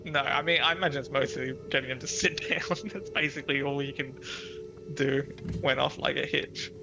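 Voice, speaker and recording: A man's voice: medium pitch, flat delivery, a little fast, poor audio. A man playing a tabletop game who talks hesitantly, with many fillers. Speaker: player. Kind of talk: tabletop role-play chat. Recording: music clearly playing behind.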